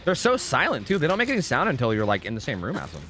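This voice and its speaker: A young man streaming gameplay, swearing a lot and swinging between shocked yells and low mumbled asides. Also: wildly swooping pitch, racing. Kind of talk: live gameplay commentary. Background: game music.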